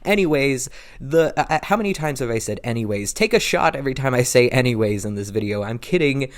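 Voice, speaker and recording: A fairly quick, expressive man with a mid-range voice chats away in a casual home vlog, making fun of himself and circling back to the same points while slightly out of breath. The sound comes from a low-angled built-in camera mic.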